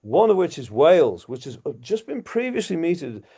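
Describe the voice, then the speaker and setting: A man's voice: on the high side, sing-song, normal speed, mellow, husky. A man from Liverpool with an English accent, doing rambling, self-mocking stand-up over a video call and chuckling as he drifts off topic. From Liverpool, England. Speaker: guest comedian.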